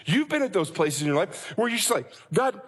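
A man's voice: high voice, very animated, quick pace, fairly bright tone, slightly rough. Impassioned preacher man in a reverberant hall. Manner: impassioned, preaching in rhetorical questions. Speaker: pastor. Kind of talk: sermon.

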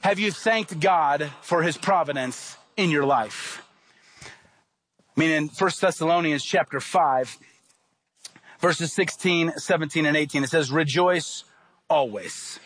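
A man's voice: fairly high pitch, a little slow, a bit bright. A man preaching a sermon, emphatic and repetitive, often asking the congregation questions. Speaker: pastor.

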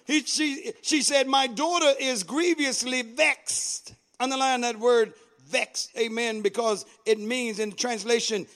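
A male preacher with a very high-pitched, bright, forceful voice. He delivers a fervent sermon, calling out to the congregation and peppering his words with amens. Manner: fervent, call-and-response exhortation with frequent amens.

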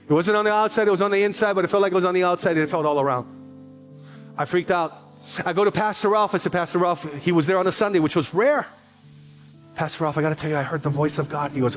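Middle-aged male pastor, sermon delivery, acts out conversations, repetitive emphasis, soft music under. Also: a little high, fairly even intonation, quick pace. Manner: storytelling, acts out dialogue, repeats phrases for emphasis.

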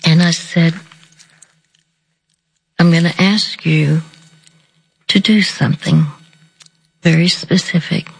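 A woman telling a personal story in a slow, deliberate, softly earnest way. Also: sits low, fairly even intonation, gravelly, husky, rough recording. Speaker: speaker sharing a counseling story. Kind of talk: reflective storytelling talk.

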